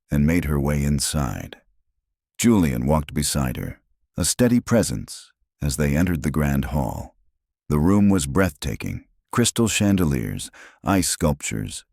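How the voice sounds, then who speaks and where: A man narrating a scripted drama story in a measured, dramatic way. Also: a bass voice, a little mellow, no room sound, clean studio sound.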